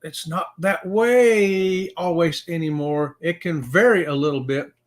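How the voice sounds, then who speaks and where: A man's voice: on the high side, a little slow. A middle-aged man hosting a casual live-stream chat, rambling with fillers and greeting viewers by name. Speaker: live-stream show host.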